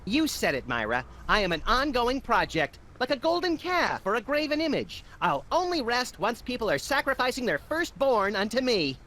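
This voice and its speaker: A manic rabbit-like game sidekick, brash and self-obsessed. His voice is bright and edged, swinging hugely up and down in pitch. He delivers every boast with gleeful deadpan. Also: moderate pace, few pauses, a little hiss or hum, full character voice. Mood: smug. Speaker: game character.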